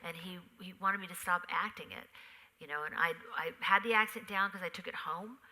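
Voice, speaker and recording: A middle-aged woman, a memoir author on a theater stage, telling animated stories in a live conversation and acting out sounds. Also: lowish voice, a little fast, rough recording. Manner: animated storyteller who acts out sounds.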